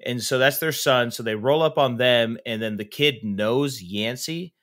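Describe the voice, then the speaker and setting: A man co-hosting a casual chat about a movie, animated and laughing, acting out lines in a raised voice. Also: medium pitch, a little slow. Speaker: podcast co-host.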